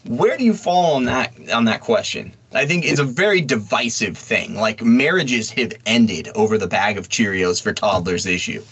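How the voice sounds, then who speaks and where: A man co-hosting a podcast with blunt, mocking opinions. His voice sits at a middle pitch. He talks loosely, with fillers and the odd laugh. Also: animated, moderate pace, few pauses, fairly bright tone, husky. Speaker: podcast co-host. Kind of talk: casual opinionated chat.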